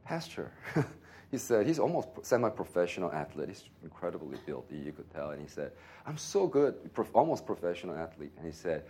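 A pastor preaching a sermon, telling a story with lots of laughter and acted-out dialogue. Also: male voice, sits low, a little fast, slight background noise. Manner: animated, laughing often, acts out dialogue.

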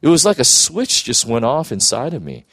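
A man's voice: medium pitch, huge pitch swings, moderate pace, a bit bright, no echo. A man who is a pastor telling an emotional personal testimony in earnest conversation, full of restarts and "you know"s.

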